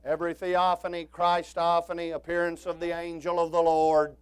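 A man preaching a sermon, swinging from quiet talk up to shouted preaching. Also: a little high, completely flat delivery, normal speed, smooth, no echo.

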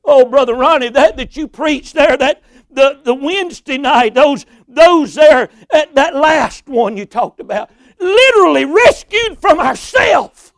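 A man preaching with fervor, his voice sitting very high for a man. He reads scripture steadily, then swells into shouts and cries. The sound is close and dry. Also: measured pace, dry recording. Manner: impassioned, rising to shouts and cries. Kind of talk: sermon.

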